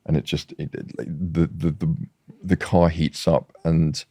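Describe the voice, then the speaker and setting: A man's voice: a bass voice, measured pace, dry recording, studio quality. A man guest chatting casually, telling anecdotes with many restarts. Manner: animated storyteller, trailing restarts. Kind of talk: casual chat.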